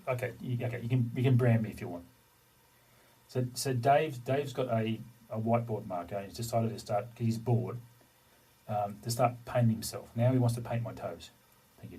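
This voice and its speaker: A man's voice: medium pitch, mellow, slightly rough, distant mic, rough recording. A middle-aged man, a podcast co-host, telling a rambling story in casual chat and swearing loosely now and then.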